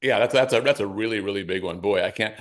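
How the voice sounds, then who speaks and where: A middle-aged man, an author and caregiver, talking things through in a halting, reflective way during an interview. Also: lowish voice. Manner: reflective, halting, many restarts. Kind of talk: conversational interview.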